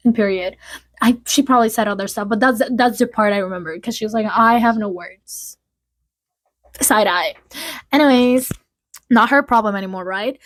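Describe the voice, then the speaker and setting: A young adult woman rambles through casual gossip in a vlog to camera, chatty and full of "like." She talks fast with a fairly high pitch, and there's no room sound.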